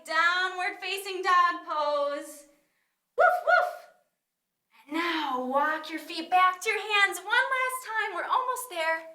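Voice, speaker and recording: A woman's voice: very high-pitched, bright, forceful tone. A woman leading a children's yoga class, speaking in a cheerful sing-song way and coaxing the kids through each pose. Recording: echoey room.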